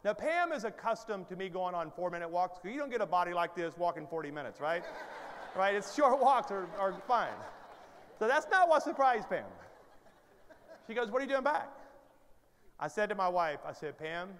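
A middle-aged male preacher with a high voice tells a story from the pulpit, playful and animated, teasing the congregation as he goes. His voice rings out with a long reverb through a large church hall. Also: moderate pace, a little hiss or hum. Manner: animated, self-deprecating humor, playful asides to the crowd. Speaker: guest preacher. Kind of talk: storytelling sermon.

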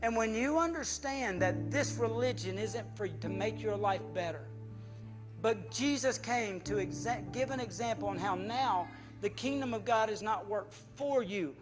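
A man preaching a sermon as pastor with a Southern US accent, swinging from loud emphatic passages to hushed ones. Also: high voice. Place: church sanctuary.

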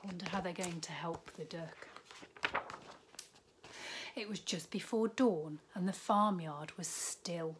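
Woman teacher, storytime read-aloud for small kids, slow and gentle, faint background ambience. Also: fairly low pitch, background noise. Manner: gentle, unhurried, with asides to the children. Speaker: primary school teacher. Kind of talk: reading a picture book aloud to young children.

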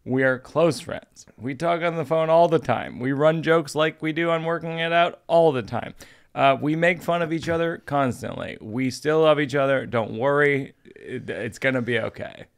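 Dry, gravelly middle-aged man. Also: a little high, normal speed. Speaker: podcast host, comedian. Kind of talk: casual chat between friends.

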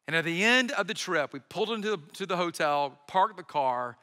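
A man's voice: high-pitched, lively intonation, fairly quick, bright, forceful tone, in a large hall. A man, a pastor, giving a sermon in a conversational, storytelling way with bits of humor.

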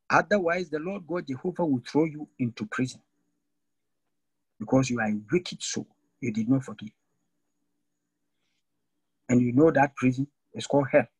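A man preaching a sermon to a church congregation, swinging between raised, pointed lines and sudden low, emphatic drops. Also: slightly rough, dry recording, low-quality recording. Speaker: Methodist preacher.

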